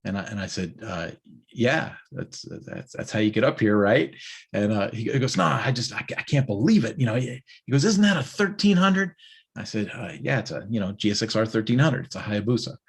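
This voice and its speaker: A man's voice: lowish voice, fairly quick, vocal fry, husky. A middle-aged man telling a casual story during a morning check-in. He talks in loose restarts and acts out the people he quotes. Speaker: business owner giving a morning check-in. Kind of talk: casual spoken monologue.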